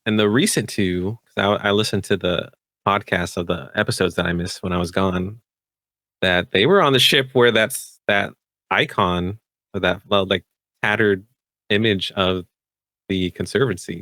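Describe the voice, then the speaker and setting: A fairly low-pitched man who talks about a tabletop campaign in a loose, rambling way. He fills his sentences with "like" and restarts them often, and his voice sounds dry and close. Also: normal speed, a bit bright, dry recording. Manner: rambling, many "like" fillers and restarts. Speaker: tabletop game player.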